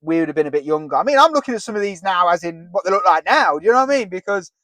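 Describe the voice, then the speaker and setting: Speaking rapid-fire with a sharp tone, this thirtysomething podcast co-host has a high voice and lively intonation. He jokes around, laughs a lot, and breaks into bits of songs during the casual chat, using a headset with an earpiece. No echo is audible.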